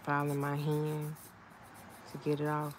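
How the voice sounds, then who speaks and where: A woman's voice: low voice, monotone, a little slow, slight background noise. A woman, chatting casually at home while doing her own nails, often laughing and talking to her nails. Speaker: nail vlogger. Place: home, indoors.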